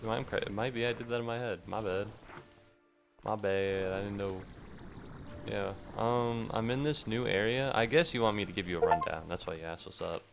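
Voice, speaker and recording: A man with a low, gravelly voice gives loose, swear-laden commentary over his gameplay. He chats to the creatures on screen and to his viewers, while faint game music plays behind him. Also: a little fast. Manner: chatty, swears freely, talks to game creatures; talks to chat between bouts of play. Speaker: gaming streamer.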